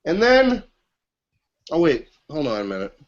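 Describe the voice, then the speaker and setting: A young man recounts a film slowly and haltingly, stopping for "um" and starting over. His pitch rises and falls a lot. The recording is muffled and lo-fi. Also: huge pitch swings. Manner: halting, with "um" and restarts. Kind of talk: casual movie chat.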